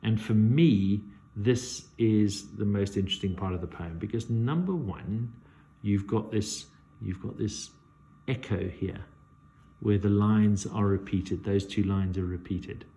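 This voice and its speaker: Gravelly, mellow-voiced male teacher. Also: on the low side. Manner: measured, thinking aloud. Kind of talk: poetry lesson.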